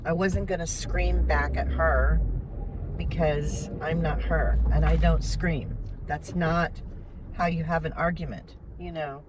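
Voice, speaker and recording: Older woman, low voice, upset, fighting back tears, personal vlog, loud road noise in the car. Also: fairly even intonation, takes it slowly. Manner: upset, recounting an argument, holding back tears. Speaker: vlogger.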